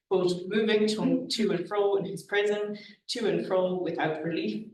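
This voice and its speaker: Woman academic reading a prepared paper, formal, measured; distant mic, heavy room echo. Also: fairly low pitch. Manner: formal, measured delivery, marks quotations aloud. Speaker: academic conference speaker. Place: lecture hall. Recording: very echoey, distant mic in a lecture hall.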